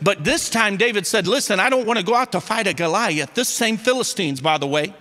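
A man preaching in a high voice with a Southern Missouri accent, folksy and animated, often restarting his lines. His tone is bright and forceful, and it rings through a reverberant church hall. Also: fairly quick. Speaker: pastor. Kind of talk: sermon. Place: church sanctuary.

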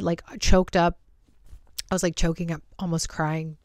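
A woman's voice: fairly low pitch, flat delivery, measured pace, clear, resonant tone, dry recording, studio quality. A young woman hosting a podcast, telling a personal story candidly and emotionally, swearing freely. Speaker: podcast host.

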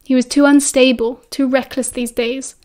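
Casting: British woman, audiobook narrator, high voice, expressive and steady. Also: normal speed. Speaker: audiobook reader.

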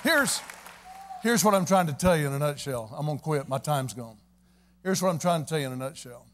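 Here is a man with a high-pitched voice preaching a revival sermon in church. He tells his story in a folksy, homespun way, then rises into fervent, shouting praise. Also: lively intonation, brisk, a faint crowd, a little hiss or hum. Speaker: evangelist preacher. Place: church service.

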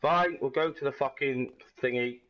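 A man commenting on his own gameplay, swearing and shouting in frustration at enemies. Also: mid-range voice, normal speed. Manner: sweary, frustrated outbursts at the game. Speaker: gamer. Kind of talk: let's play commentary.

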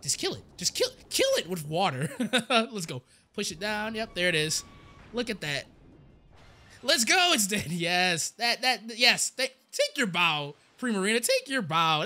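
Young man, gameplay commentary, very bright sharp tone, high lively voice, excitable, stammers, faint game music behind. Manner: excitable, rambling, stammers and repeats words. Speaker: gaming YouTuber.

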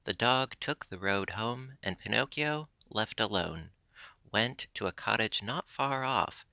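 A man narrates a classic storybook in a measured pace. His voice sits low with a gravelly texture and a bright, forward edge. The recording is close and dry. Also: expressive, no room sound. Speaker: audiobook narrator. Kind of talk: scripted narration.

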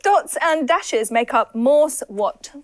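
Woman, high lively voice, giggly, flustered game host. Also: slow pace. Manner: giggly, flustered, laughs often. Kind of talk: playing a party game on a livestream.

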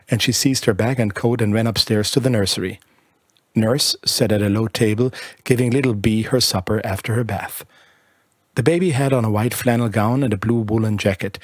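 Husky male audiobook narrator. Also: medium pitch, no room sound. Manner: measured, lyrical reading.

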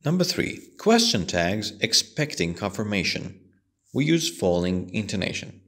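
Slow, gravelly male English teacher. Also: sing-song, fairly bright tone. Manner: slow, patient explaining with strongly rising and falling pitch. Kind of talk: explaining a textbook lesson.

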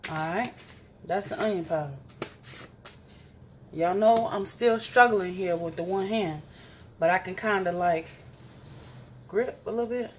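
Woman, unhurried casual cooking vlog, faint background hiss. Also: medium pitch. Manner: chatty, playful, laughs at herself. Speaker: vlogger. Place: home kitchen.

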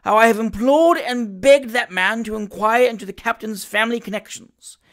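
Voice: medium pitch, normal speed, fairly bright tone, voice pushed up, natural voice. Reader putting on a snooty middle-aged lady, whiny and reproachful, raised voice, storybook reading. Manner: reproachful, aggrieved. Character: haughty, complaining middle-aged wife of a magistrate.

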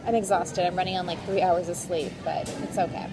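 A woman's voice: on the low side, flat delivery, a little fast, loud music behind the voice. A woman talking casually to camera in a travel vlog, chatty and full of "like" and "um". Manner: chatty, filler-heavy with frequent "like" and "um". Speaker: vlogger. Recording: handheld vlog with noisy background ambience.

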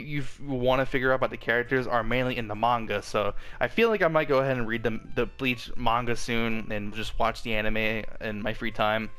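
Smooth-voiced young man rambling casually. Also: mid-range voice, fairly bright tone. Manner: rambling, frequent restarts and fillers. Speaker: channel host. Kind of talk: casual vlog update.

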